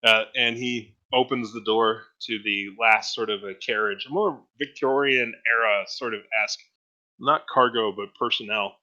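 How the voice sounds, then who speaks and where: A man narrating as game master in a relaxed, hesitant way with many fillers. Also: mid-range voice, normal speed, muffled recording.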